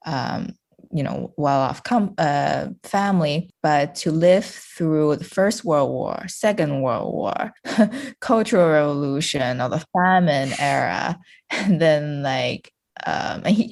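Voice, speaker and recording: A woman from China with a notably low voice, chatting on a podcast as a guest. Her talk is loose and casual, full of fillers, and she laughs often. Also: slow pace, gravelly, a little mellow.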